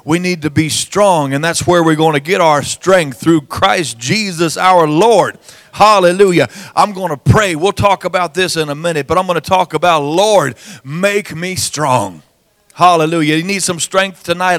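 A hoarse man preaching a sermon in church, drawing out his words, breaking into song and calling out to the congregation. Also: fairly high pitch, no room sound, clean studio sound. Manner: slow, drawn-out delivery with rising shouts and sung phrases. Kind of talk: sermon with prayer and singing. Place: church service.

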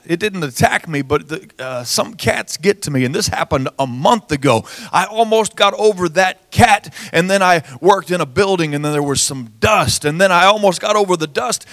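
A hoarse man preaching a sermon in church, drawing out his words, breaking into song and calling out to the congregation. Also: high voice, animated, dry recording, clean studio sound. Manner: slow, drawn-out delivery with rising shouts and sung phrases. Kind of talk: sermon with prayer and singing. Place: church service.

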